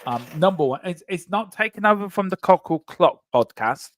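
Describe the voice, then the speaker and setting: A man's voice: sits high, expressive, moderate pace. A man hosting a casual live stream, jokey and teasing, reading viewers' chat aloud over a remote call. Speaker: livestream show host.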